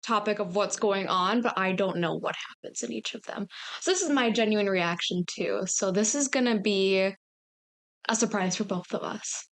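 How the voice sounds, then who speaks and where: A young woman hosting a casual podcast, chatty and quick to laugh. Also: medium pitch. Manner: giggly, chatty, laughs often. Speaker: podcast host.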